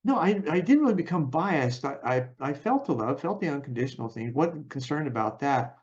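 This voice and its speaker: A man's voice: on the high side, animated, brisk, a little mellow. Man telling a reflective story, lo-fi. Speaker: podcast host.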